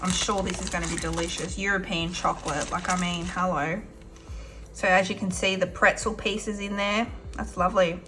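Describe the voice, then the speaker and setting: A woman's voice: lowish voice, level tone, moderate pace, music in the background. An Australian woman vlogging casually to camera, chatty and effusive, giggling and talking while she eats snacks. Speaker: budgeting vlogger.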